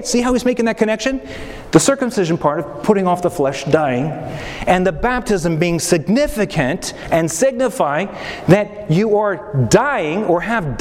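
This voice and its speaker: A man delivers a sermon in a slow, deliberate way, his voice sitting unusually high. He lingers on phrases and briefly acts out the people he quotes. The sound carries a long church reverb with faint noise underneath. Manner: preaching with acted-out quotes and dramatic pauses. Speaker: pastor.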